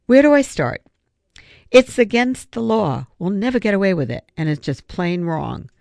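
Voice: medium pitch, big pitch swings, normal speed, gravelly, darkish tone, no echo, clean studio sound, pitched above the performer's own voice. A reader voicing a reluctant, worried boy who refuses his friend, in an audiobook. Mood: anxious. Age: young boy. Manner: anxious, refusing. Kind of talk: audiobook character voice.

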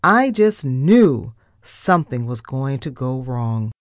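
A woman reading a children's storybook aloud in first person, with an animated delivery. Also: extremely low pitch, takes it slowly, dry recording, clean studio sound.

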